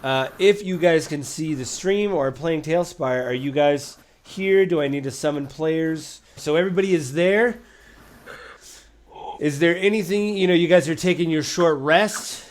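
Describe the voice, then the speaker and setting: A man's voice: on the high side, moderate pace. A man narrating as game master of a tabletop game, casual and rambling, with many fillers.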